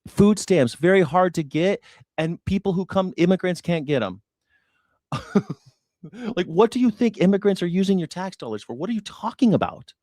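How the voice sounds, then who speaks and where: A man's voice: high-pitched, animated, normal speed, long pauses, darkish tone, dry recording, studio quality. A man hosting a news reaction stream, ranting sarcastically and swearing as he argues with his chat. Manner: profane, sarcastic, arguing with chat. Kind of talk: heated political commentary.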